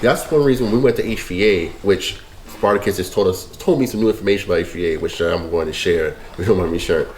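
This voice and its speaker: Very deep-voiced man in an echoey room. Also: fast talker. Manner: laid-back, frequent short backchannels. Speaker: podcast host. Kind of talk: casual chat. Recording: roomy echo with faint hiss.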